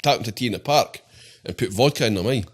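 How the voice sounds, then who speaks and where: A Scottish man in his thirties, a podcast guest telling rowdy stories in casual chat, swearing and playing out quotes. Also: quick pace. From Scotland. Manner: swearing storyteller, acts out quotes in high voices.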